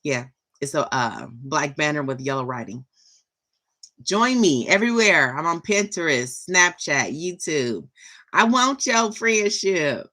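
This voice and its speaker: A middle-aged woman talks to her viewers in a casual vlog. Her voice sits low, and she rambles in a chatty, enthusiastic way. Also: expressive, measured pace, bright, forceful tone. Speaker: vlogger. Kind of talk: casual chat.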